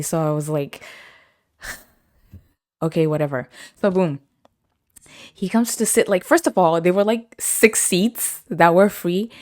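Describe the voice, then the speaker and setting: A woman's voice: fairly low pitch, dry recording, clean studio sound. A young woman hosting a podcast, telling casual stories with frequent laughter and acting out what other people said. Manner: animated, laughs often, acts out quoted voices. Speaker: podcast host. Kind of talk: casual storytelling.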